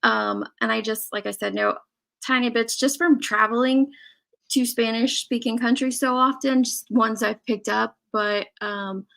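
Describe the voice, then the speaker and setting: A woman's voice: fairly high pitch, expressive, a little slow, gravelly, a bit bright. A woman from Illinois hosting a casual live-stream chat, chatty and laughing often as she reads out viewer messages. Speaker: host.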